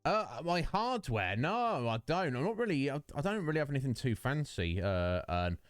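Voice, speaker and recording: Joking man, animated pitch. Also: normal speed, clean tone, dry recording, studio quality. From United Kingdom. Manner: rambling, joking, answers chat by name. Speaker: Twitch streamer. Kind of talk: casual chat while streaming a game. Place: home streaming setup. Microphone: studio dynamic microphone.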